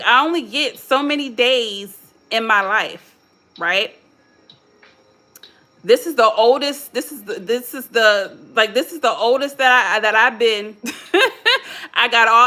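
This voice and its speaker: A woman's voice: a little high, measured pace, sharp tone. A woman with a mixed Philadelphia and Chicago American accent, hosting a live motivational talk in a casual, candid way and speaking straight to her viewers. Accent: American English, Philadelphia and Chicago mix. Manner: casual, candid, self-coaching with quoted self-talk. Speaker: motivational host.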